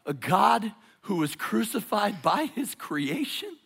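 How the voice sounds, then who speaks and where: A male pastor preaching with a slow, deliberate pace and a somewhat high pitch for a man. His voice has a gravelly, fried edge and a bright, forceful tone. He moves dramatically between hushed passages and loud, urgent calls. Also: very animated. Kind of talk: sermon.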